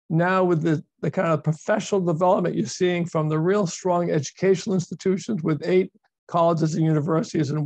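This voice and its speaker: A man's voice: sits high, creaky, a little mellow, dry recording. A man giving a virtual presentation as a university speaker, explaining at length and repeating words for emphasis. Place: video call. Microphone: video call microphone.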